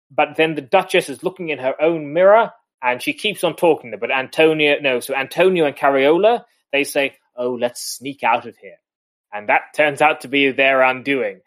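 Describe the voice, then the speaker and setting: A man's voice: medium pitch, fairly bright tone. A man co-hosting a podcast in a casual literary discussion, rambling with many restarts and chuckles. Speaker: podcast co-host.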